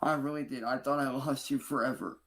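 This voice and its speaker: A man's voice: medium pitch, fairly even intonation, a little fast, fairly bright tone, soft background music. A man recording his own video messages, alternating boastful wrestling-style bravado with teary declarations of love. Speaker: online streamer. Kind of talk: self-recorded video monologue.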